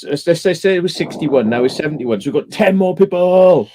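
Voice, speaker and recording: A man's voice: a little high, animated, fairly quick, noisy background. A man in a casual late-night stream chat, rambling through crude jokes and laughing often.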